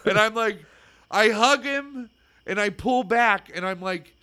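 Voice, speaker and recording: A man telling a story in casual chat, excitable and rambling, full of fillers. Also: high voice, measured pace, smooth, no echo.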